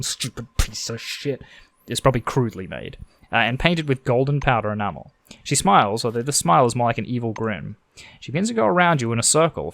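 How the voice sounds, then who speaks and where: An Australian man plays through a story game, reading its text aloud with sarcastic jokes between lines. His pitch is lively and bouncy. The sound is dry and close. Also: gravelly, dry recording. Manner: sarcastic, joking. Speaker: game streamer.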